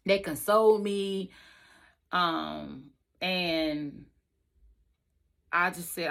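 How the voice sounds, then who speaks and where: Bright-voiced woman telling her own story. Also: fairly low pitch, drawn-out words, vocal fry, long pauses. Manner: emphatic, talks straight to the audience. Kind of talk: personal storytelling vlog.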